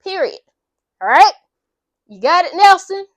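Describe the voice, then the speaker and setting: A woman's voice: high voice, very animated, normal speed, dry recording. A woman voicing a pushy male movie manager who lays down strict rules in a bossy, slangy way. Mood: stern.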